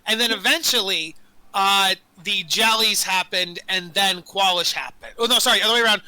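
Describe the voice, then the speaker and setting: A man running a tabletop game as dungeon master, narrating in a rambling way, full of fillers and quick self-corrections. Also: high voice, sharp tone, clean tone, no room sound, poor audio.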